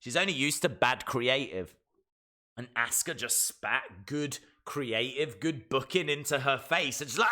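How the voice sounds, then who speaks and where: A man streaming a live wrestling watch-along, reacting with jokes and sudden shouted mimicry. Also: medium pitch, measured pace. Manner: animated, jokey, mimics wrestlers in shouted bits.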